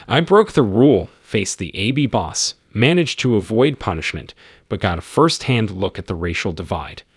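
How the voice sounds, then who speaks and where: A man's voice: fairly low pitch, sing-song, moderate pace, husky, no room sound, studio quality. A man telling his own story as scripted first-person narration, in terse, clipped, matter-of-fact sentences.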